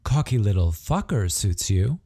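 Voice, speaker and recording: A man's voice: lowish voice, big pitch swings, unhurried, mellow, exaggerated voice. A man voicing a blunt, teasing Australian woman, the hero's old friend, in an audiobook. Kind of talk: audiobook character voice.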